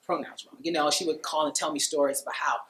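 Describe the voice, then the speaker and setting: Bright-voiced man telling a personal story. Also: a little high, fairly even intonation, fast, echoey room, a little hiss or hum. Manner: conversational, laughs often, many "you know"s. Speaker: speaker at a dinner talk.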